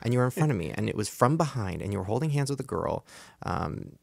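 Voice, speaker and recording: A young man hosts a casual podcast with a quick, lively delivery. His voice sits slightly low and carries a gravelly fry. He is excitable and pokes fun at himself, recorded close and dry. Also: no echo. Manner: excitable, jokey, self-deprecating. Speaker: podcast host.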